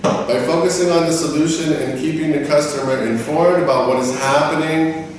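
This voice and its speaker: Guy teaching a class, kinda high voice, lots of room echo, mic far off. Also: normal speed. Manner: animated storyteller, acts out quoted staff in a higher voice. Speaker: English teacher. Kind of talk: lecture with personal anecdotes.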